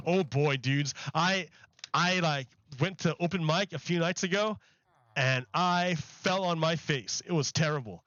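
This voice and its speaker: A man on a gaming livestream with a fairly high, bright and forceful voice. He rambles loosely, stacking "like" between his thoughts. The stream audio sounds dull and lo-fi. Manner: rambling, heavy use of "like". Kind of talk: casual livestream chat while gaming.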